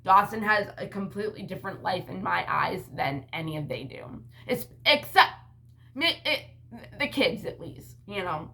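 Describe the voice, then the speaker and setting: Bright-voiced woman ranting bluntly. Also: mid-range voice, animated, moderate pace, vocal fry. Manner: rambling, blunt and profane, heavy use of "like" and "you know". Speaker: vlogger and mother. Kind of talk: casual vlog rant.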